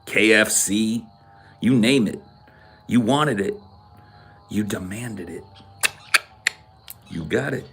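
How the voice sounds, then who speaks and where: A man's voice: on the low side, slow, pauses often, a bit bright, breathy edge. A man hosting a podcast, chatting casually and reading comments aloud in a sarcastic, crude way. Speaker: podcast host.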